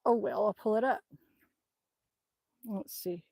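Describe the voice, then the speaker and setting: Woman, casual livestream chat, slow delivery, giggly, mutters to herself. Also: mid-range voice, vocal fry, mellow, husky, no echo. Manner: chatty, laughs often, mutters to herself while tapping through her screen. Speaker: vlogger reading live chat comments.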